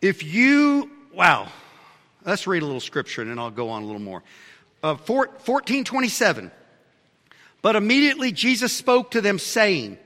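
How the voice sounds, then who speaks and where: Fiery high-voiced male preacher. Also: big pitch swings, measured pace, long reverb tail. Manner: fiery preaching, swinging between shouts and low asides. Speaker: pastor. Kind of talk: sermon.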